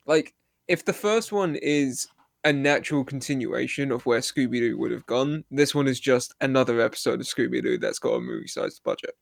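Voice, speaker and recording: Gravelly young man with deadpan jokes. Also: medium pitch, dry recording. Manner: dry deadpan jokes, halting restarts. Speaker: podcast co-host. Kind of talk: casual movie podcast chat.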